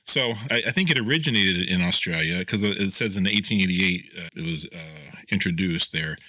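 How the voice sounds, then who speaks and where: A man's voice: low voice, a little fast, sharp tone, no echo, poor audio. A man co-hosting a podcast in laid-back, joking casual chat on a close mic. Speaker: podcast co-host.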